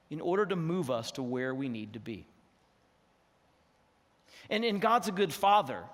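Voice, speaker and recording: A middle-aged man, a pastor, preaching a sermon in an animated, conversational way. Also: fairly high pitch. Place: church sanctuary. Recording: long reverb of a church hall.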